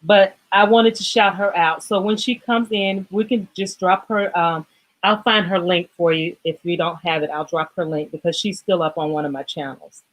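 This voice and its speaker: A woman with a fairly low voice hosts a casual fitness livestream. She rambles and apologizes as she goes, and she sounds choked up and emotional. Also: fairly even intonation, normal speed, poor audio. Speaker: livestream host.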